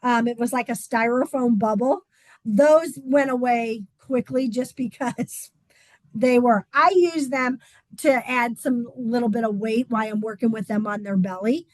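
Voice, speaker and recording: A woman's voice: on the high side, unhurried, dry recording, low-quality recording. A woman swim instructor giving a casual, chatty talk, with frequent "um" fillers.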